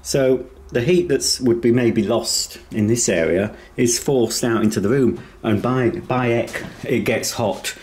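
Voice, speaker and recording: Inside a house, a vlogger with a mid-range, darkish voice gives a casual, rambling video tour, chatting as he eats. He speaks a little slowly with few pauses, and there's slight background noise.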